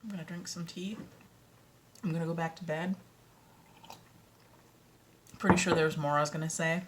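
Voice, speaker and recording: A woman's voice: low voice, fairly even intonation, normal speed, heavy background noise. A tired woman with a Minnesotan accent chatting in a casual vlog, rambling and self-doubting, often dropping into whispers. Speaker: vlogger and audiobook narrator.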